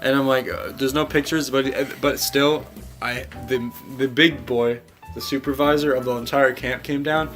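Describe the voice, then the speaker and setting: A man's voice: medium pitch, fairly even intonation, normal speed, fairly bright tone, soft background music. A young man telling a rambling story to friends on a podcast, laughing often and filling his speech with "like". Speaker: podcast co-host. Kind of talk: casual storytelling among friends.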